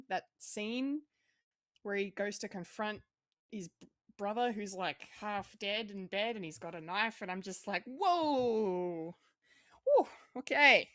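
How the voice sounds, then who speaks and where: A woman's voice: medium pitch, dry recording, studio quality. A woman co-hosting a podcast, chatting casually in a rambling way, with lots of fillers, restarts and swearing. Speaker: podcast co-host.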